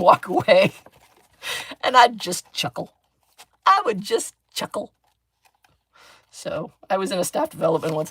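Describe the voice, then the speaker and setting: A woman's voice: lowish voice, husky, poor audio. A middle-aged woman hosting a chatty crafting livestream, telling stories in a dry, sarcastic, talkative way. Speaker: craft channel host, former chemistry teacher.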